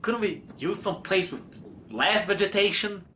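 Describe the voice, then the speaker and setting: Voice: medium pitch, a little slow, faint music behind. A movie reviewer talking through a film with sarcastic commentary. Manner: sarcastic, animated.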